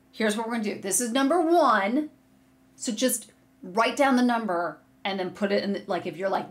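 A woman's voice: medium pitch, moderate pace. Woman, podcast host, casual gushing chat, home room, direct to viewers. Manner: gushing, excitable, talks straight to viewers. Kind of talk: casual chat showing yarn on camera. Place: home room with a curtain behind her. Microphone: desk setup facing a monitor.

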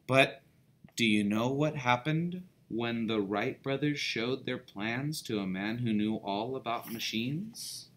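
A man reading a children's book aloud as a storyteller, expressive and playful. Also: medium pitch, takes it slowly.

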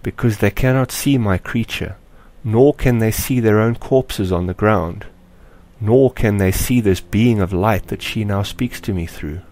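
A man narrating his own story aloud in a measured, expressive audiobook reading. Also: on the low side. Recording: dry close recording.

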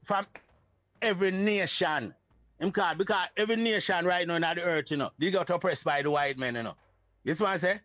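A Jamaican man speaks as a Rastafari priest, high in pitch and full of animated emphasis. His talk is casual reasoning in patois. The sound is muffled and close, with no room echo. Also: fairly quick.

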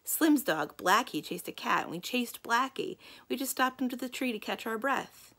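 A woman's voice: a little high, animated, moderate pace, vocal fry, bright, forceful tone, voice pushed up, full character voice. A woman voicing a short, tough teenage wrestler who snarls taunts at the other kids, read in a storybook read-aloud. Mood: taunting.

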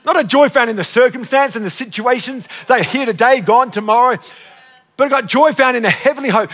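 A man in his fifties preaching a sermon as pastor, exclaiming, breaking into shouts and laughing at himself. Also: very high voice, brisk. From Australia. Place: church auditorium. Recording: long church hall reverb.

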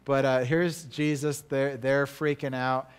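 Middle-aged male pastor, casual sermon delivery, chatty and self-deprecating, mid-pitched voice. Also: little pitch movement, a little slow, smooth. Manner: chatty, self-deprecating, many restarts and laughs.

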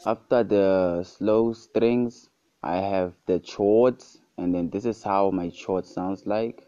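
A man narrating a casual music production tutorial, relaxed and easygoing, often calling out to his viewers and praising each sound. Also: low voice, slow, muffled recording. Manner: relaxed, repeats "guys" and "super cool".

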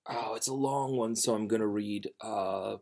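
A man hosting a storytelling channel, chatting casually before a reading, rambling and halting with many fillers and restarts. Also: on the low side, gravelly, a little mellow.

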